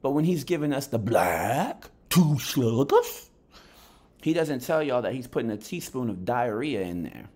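In a mid-range, slightly mellow voice, a man talks briskly with few pauses, delivering a blunt, heated boxing rant for his vlog and swearing freely. He's an adult who has just woken up, so his energy runs lower.

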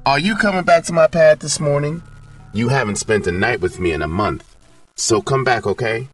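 A man's voice: mid-range voice, expressive, moderate pace, pitched above the performer's own voice, natural voice. A man voicing a defiant young woman who is fed up with her pimp, in an audiobook reading. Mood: coaxing. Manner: angry, defiant. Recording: distant mic, faint music.

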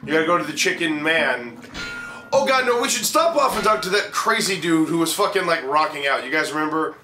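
A man trades crude jokes while playing through a game, his pitch bouncing around lively. The sound is roomy, with game music running loudly behind him. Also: a little fast. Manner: loose, profane, joking. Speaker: let's play commentator. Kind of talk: casual gaming chat.

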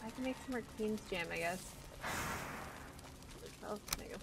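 A woman's voice: mid-range voice, moderate pace, vocal fry, heavy background noise. A woman live-streaming a game, thinking aloud in a chatty, playful, teasing way. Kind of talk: live-stream gameplay chat.

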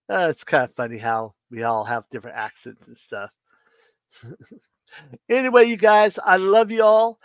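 A man's voice: sits high, clean tone, no echo. Rambling livestream host man. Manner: puts an R in Washington; rambling, halting, many restarts. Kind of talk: casual rambling chat.

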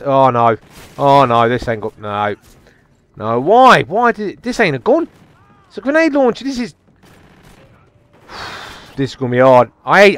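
A man giving live gameplay commentary, excitable and taunting his opponents, dropping to mutters and jumping to yelps. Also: fairly high pitch. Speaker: gamer.

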